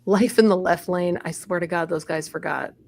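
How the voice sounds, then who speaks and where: A woman's voice: on the low side, fairly even intonation, normal speed, gravelly, a little mellow. A woman co-hosting a casual podcast, chatting loosely with friends, swearing freely and reading out a list of names. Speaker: podcast co-host. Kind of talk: casual chat.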